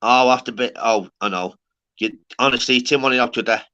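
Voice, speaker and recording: A man's voice: medium pitch, a little fast, pushed and bright, highs cut off. A man hosting a live stream, rambling and swearing in casual chat, calling everyone lad. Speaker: livestream host.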